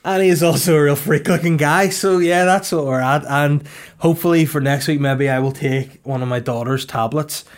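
A man's voice: fairly high pitch, moderate pace. A man, hosting a podcast in casual, rambling chat that runs on jokes and swearing. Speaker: podcast host. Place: podcast studio.

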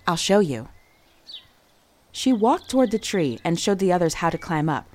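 A woman reads a story aloud in a lower register. Her delivery is highly animated, with wide swings in pitch as she slips into each character. The style is expressive storybook narration. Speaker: audiobook narrator.

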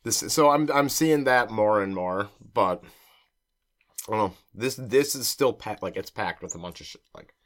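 A man's voice: on the low side, unhurried, a bit bright. A young man co-hosting a casual food podcast, rambling with lots of fillers while he eats. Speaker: podcast co-host. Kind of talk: casual chat while eating.

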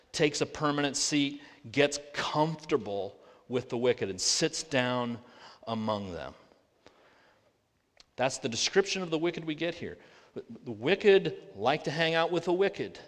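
A pastor preaching a sermon, earnest and full of rhetorical questions, slowing down to read scripture aloud. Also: male voice, fairly high pitch. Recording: long reverb of a large hall.

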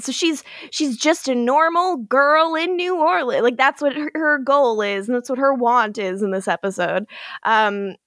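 A woman's voice: high voice, fairly bright tone, no echo, clean studio sound. A woman co-hosting a podcast in casual chat, giggly and blunt, swearing freely. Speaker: podcast co-host.

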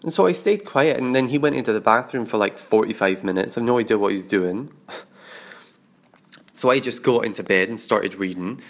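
A man's voice: fairly low pitch, moderate pace. Confessional man with a sweary diary. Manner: expressive, swears freely, mimics sounds and voices. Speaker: diarist. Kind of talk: confessional audio diary monologue.

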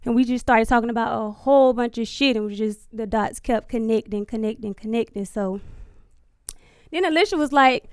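A woman telling a story in casual, profane chat, animated and laughing, acting out what people said. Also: a little high, brisk, smooth, dry recording, clean studio sound. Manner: animated, profane, laughs often, acts out quotes.

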